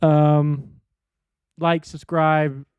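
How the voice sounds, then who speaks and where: Man, podcast host, casual rambling talk, swearing, slightly high, smooth voice. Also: little pitch movement, very slow, a little mellow, dry recording, lo-fi sound. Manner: rambling, profane, offhand. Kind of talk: casual sports podcast monologue.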